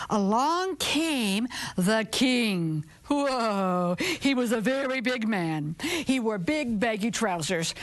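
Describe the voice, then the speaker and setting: Woman storyteller, children's folktale, expressive, drawn-out lines, whispered asides. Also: fairly high pitch.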